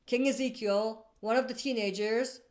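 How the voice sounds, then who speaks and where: A woman's voice: fairly high pitch, steady tone, moderate pace, darkish tone. A woman hosting a casual live stream, reading out viewer comments and answering in a rambling way, often stopping to correct herself. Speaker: livestream host answering viewer questions.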